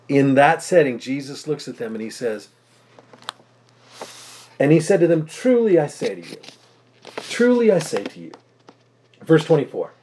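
A man preaching a conversational expository sermon as pastor, emphatic and slowing down to stress key phrases, acting out the crowd's doubting voices. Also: medium pitch, darkish tone.

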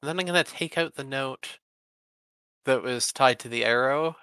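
Male tabletop player, gravelly and bright, dry close sound, animated delivery. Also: medium pitch, moderate pace, no echo, rough recording. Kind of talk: in-character play and narration.

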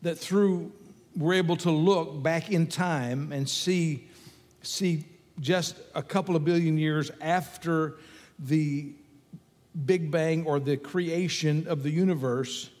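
Emphatic preacher man, higher voice, long reverb. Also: fairly even intonation, slow pace, darkish tone. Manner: emphatic, repetitive preaching with rising intensity. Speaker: pastor. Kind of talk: sermon.

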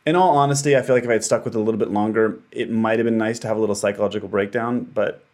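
A man guest in a casual conversation, telling a personal story in an animated way and acting out his own inner voices. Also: lowish voice, rapid-fire. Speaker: actor and dancer guest.

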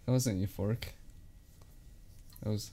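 A man in his mid-twenties making wry, dry remarks in a casual chat. He talks slowly and unhurriedly. Keyboard clicks and a faint hiss are heard behind him. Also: on the low side, fairly even intonation, warm tone. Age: 20s. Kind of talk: casual chat browsing images.

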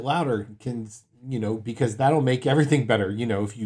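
A middle-aged male pastor delivers a sermon in an earnest storytelling manner. His voice sits at an ordinary middle pitch, and he often drops to a quieter tone to drive a point home. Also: moderate pace, few pauses, breathy edge.

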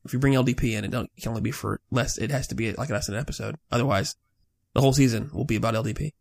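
A man's voice: medium pitch, racing, vocal fry, a little mellow, no echo, clean studio sound, pitched below the performer's own voice. A man doing a grave, weary lead actor. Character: weary male lead actor warning the crew.

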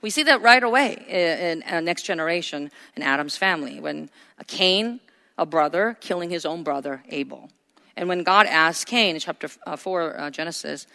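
A woman's voice: fairly low pitch, expressive, normal speed, sharp tone, big-room sound. A woman preaching a sermon in a conversational way, acting out quoted lines with laughter.

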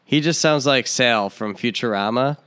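Smooth-voiced man sharing movie trivia. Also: mid-range voice, moderate pace, fairly bright tone. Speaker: podcast co-host. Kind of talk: casual chat.

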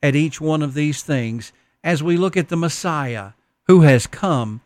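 A man's voice: fairly high pitch, lively intonation, measured pace, no room sound. A man preaching a Christmas sermon, telling stories in an earnest, folksy way. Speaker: pastor.

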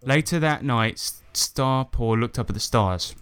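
A man's voice: medium pitch, a little slow, a bit bright, clear, resonant tone. A man co-hosting a podcast, reading bad fan fiction aloud with sarcastic, exasperated asides and swearing. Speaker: podcast co-host.

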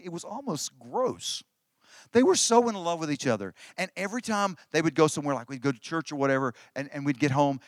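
A man's voice: on the high side, a bit bright, no echo, clean studio sound. A middle-aged man preaching a sermon in a conversational way, often restarting phrases for emphasis. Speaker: pastor.

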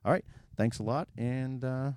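A man's voice: medium pitch, fairly even intonation, moderate pace, a little mellow, clear, resonant tone, dry recording, studio quality. A man from the Boston area with a Boston accent, hosting a podcast in casual chat, joking and rambling, often breaking off mid-sentence. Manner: joking, rambling, self-interrupting. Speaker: podcast host.

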